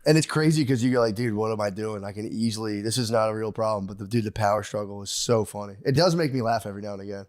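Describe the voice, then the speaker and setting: A man in his thirties co-hosting a podcast, rambling and excitable, acting out quotes as he tells stories. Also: fairly low pitch, fast, few pauses. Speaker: podcast co-host. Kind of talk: casual chat. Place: podcast studio.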